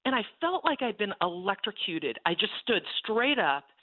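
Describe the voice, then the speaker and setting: A woman's voice: medium pitch, big pitch swings, moderate pace, dry recording. A woman guest telling a vivid, emphatic personal story over a tinny phone line.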